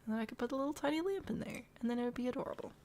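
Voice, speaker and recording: A woman's voice: fairly high pitch, racing, a little mellow, slight background noise. A young woman from the Midwest chatting casually on a live stream as she builds in a game, laughing often and murmuring to herself. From American Midwest.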